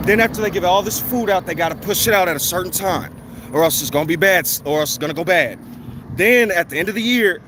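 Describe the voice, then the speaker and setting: Man, blunt profane vlog rant, high-pitched; outdoor recording with heavy traffic noise. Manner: blunt, heated, profane ranting. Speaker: vlogger. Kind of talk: walking vlog monologue. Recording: outdoor street noise, passing cars.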